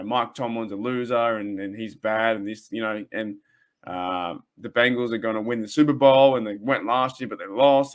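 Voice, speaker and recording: An Australian man rants on his own podcast, recorded alone in his room. He talks at an ordinary middle pitch and rambles with many restarts. He keeps up a heated, trash-talking fan energy. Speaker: podcast host. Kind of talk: solo fan rant podcast.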